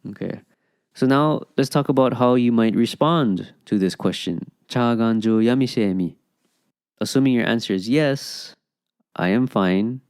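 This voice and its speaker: A man's voice: mid-range voice, moderate pace, a little mellow, smooth, no room sound, clean studio sound. A man teaching a language lesson, explaining patiently and often starting with "okay" and "um". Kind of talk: explaining an Okinawan phrase lesson.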